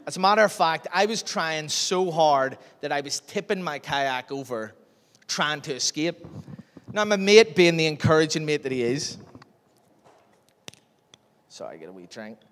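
A man, preaching a sermon as an animated storyteller who acts out the dialogue. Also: on the high side, a little slow, long pauses. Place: church hall. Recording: long hall reverb.

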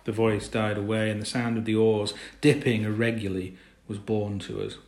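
A man narrating a story in a measured, low-key reading. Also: a little mellow. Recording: roomy echo.

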